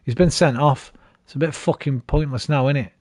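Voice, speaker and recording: A young man commenting on a football management game he is playing, swearing often and venting his frustration in loud bursts. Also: a little high, a little fast, slight background noise. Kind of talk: casual live commentary while playing.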